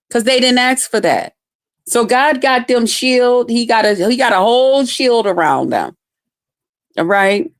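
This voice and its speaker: A woman with a medium-pitched voice hosts a livestream, recorded in clean studio sound with no echo. She shares a personal testimony slowly and emphatically, in a preachy tone, speaking directly to her viewers and calling them "y'all."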